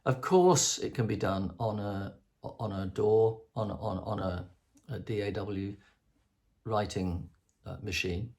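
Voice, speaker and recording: Gravelly older man, rambling. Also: on the low side, slow, a little mellow. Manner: sings rhythms to illustrate, restarts often. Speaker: host. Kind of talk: rambling solo chat to camera.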